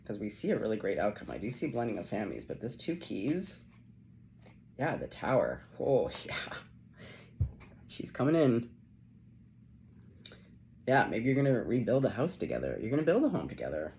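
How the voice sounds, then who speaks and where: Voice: mid-range voice, huge pitch swings, moderate pace, long pauses, a little mellow, a little hiss or hum. A tarot reader giving a casual channeled reading, effusive and loose, swearing freely and laughing often.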